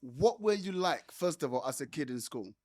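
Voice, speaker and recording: A man's voice: on the high side, expressive, normal speed, a little mellow, no echo, studio quality. A man hosting an interview, asking questions in an eager, encouraging way. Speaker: host.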